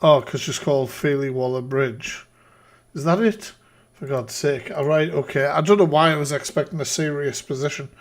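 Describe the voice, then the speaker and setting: A man's voice: on the high side, fairly even intonation, normal speed. A man hosting a live reaction stream, talking casually with exasperated, profane rants.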